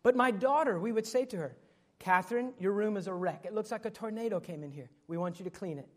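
A man's voice: high-pitched, quick pace. A middle-aged man preaching a sermon as pastor, earnest, acting out quoted voices and dropping to sudden whispers.

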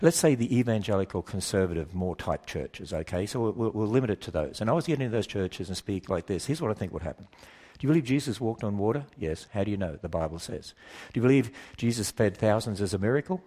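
A man giving an emphatic talk to a church audience, firing questions at the listeners and acting out quoted voices in quick exchanges. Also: on the low side, a little mellow. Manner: acts out quoted voices in quick back-and-forth. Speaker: speaker.

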